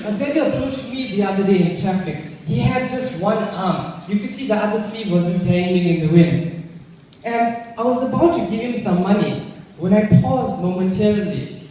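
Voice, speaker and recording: South African male comic, high-pitched, deadpan and crude, live club sound with long echo and faint room noise. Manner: deadpan storytelling, punchlines with crude swearing. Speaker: stand-up comedian. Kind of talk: stand-up comedy set. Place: comedy club stage before a live audience. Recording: echoey club, voice from far off.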